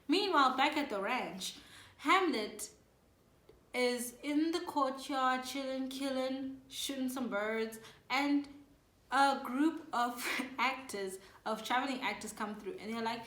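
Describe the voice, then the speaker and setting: A woman hosting her own channel, casually and jokingly retelling a play's plot in slangy asides, slipping into quick voices for the characters. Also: high-pitched, a bit bright, roomy sound. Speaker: channel host. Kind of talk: comedic casual plot summary.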